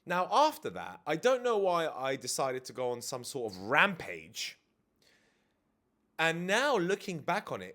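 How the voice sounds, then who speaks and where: A man who works as a dating and life coach talks candidly and reflectively to camera, his voice on the high side and fairly bright. He's indoors with DJ kit behind him and swears casually now and then in this confessional talk.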